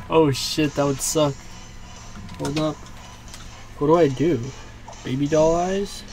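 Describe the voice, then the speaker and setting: Speaking slowly in a slightly high, darkish voice, a young man who makes gaming videos on YouTube reacts to his own play in real time. Setbacks draw swearing, groaning and frustrated outbursts, and faint game music sits behind him.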